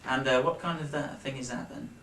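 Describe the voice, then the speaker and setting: An English man in casual chat at home, teasing his friend with quick puns and banter, recorded on a 1990s camcorder. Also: mid-range voice, fairly even intonation, fairly bright tone. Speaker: home video host. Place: room at home. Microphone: camcorder mic from across the room. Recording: roomy distant 1990s camcorder audio, faint hiss.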